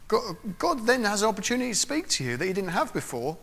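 A man's voice: high-pitched, very animated, fairly quick, hardly any pauses, bright, forceful tone. Man preaching in an echoey hall. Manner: conversational, acts out little voices and prayers. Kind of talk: informal sermon.

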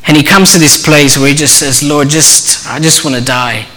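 A man preaching a sermon, telling a story earnestly and dropping to a soft voice for quoted speech. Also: on the high side, steady tone, normal speed. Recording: long hall reverb.

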